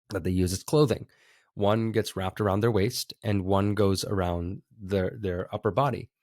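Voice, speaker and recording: A man's voice: fairly low pitch, a little mellow, no room sound, clean studio sound. Earnest man telling a spiritual story. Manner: earnest, heartfelt. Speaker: podcast host. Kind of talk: reflective storytelling talk.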